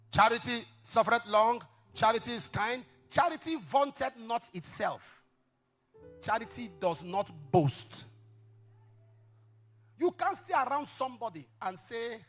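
In a high-pitched voice, a male pastor preaches an emphatic sermon, breaking into sudden shouted lines and throwing questions at the congregation.

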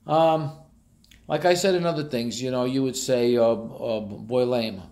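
A man's voice: medium pitch, moderate pace, darkish tone. A man with a heavy North Jersey accent telling blunt, matter-of-fact stories in a casual monologue, recorded near a street. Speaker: vlogger.

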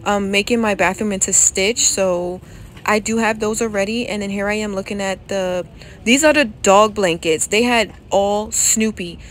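A woman's voice: mid-range voice, moderate pace, slight background noise. A woman vlogging while shopping in a store, chatty and easily charmed by what she sees. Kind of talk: casual narration while shopping. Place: inside a store.

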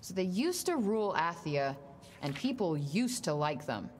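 An actress voicing a blunt, irreverent young heroine in a fantasy game, with an offhand delivery. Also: female voice, fairly low pitch, big pitch swings, measured pace, a little hiss or hum. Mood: wry. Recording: game audio with faint ambience.

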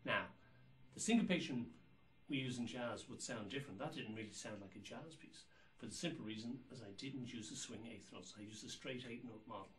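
A man's voice: mid-range voice, brisk, a little hiss or hum, poor audio. A man teaching jazz rhythm, explaining patiently and counting beats and scatting rhythms aloud. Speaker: drum teacher. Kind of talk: instructional explanation.

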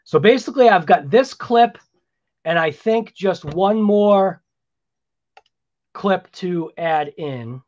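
A man's voice: sits high, animated, slow, pauses often, a little mellow, lo-fi sound. A man talking casually through his video edit, rambling with chatty asides about his own voice. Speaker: RC hobby channel host. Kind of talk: casual voice-over while editing video.

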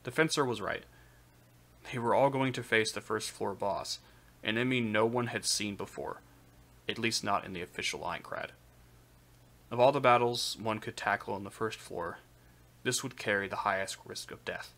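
A man reading a light novel aloud on a live stream, steady narration with occasional slips. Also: on the low side, normal speed, vocal fry.

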